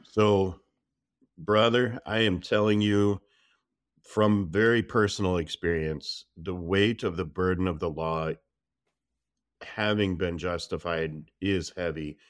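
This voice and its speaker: A man who is a pastor, speaking slowly and deliberately, giving heartfelt encouragement in conversation. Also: low-pitched, dry recording, studio quality. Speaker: pastor co-hosting.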